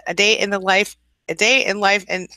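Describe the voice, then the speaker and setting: A tired woman coaching on a casual morning live stream, reading viewer comments aloud, laughing often and reassuring viewers softly. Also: mid-range voice, fairly even intonation, normal speed, no room sound. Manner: chatty, laughs often, greets viewers warmly by name; soft, reassuring advice. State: a little tired, early morning.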